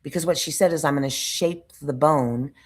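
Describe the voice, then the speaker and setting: A woman's voice: deep voice, moderate pace, a little mellow. A woman vlogger telling a story in a casual, rambling way, frustrated, restarting sentences and searching for words. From United States.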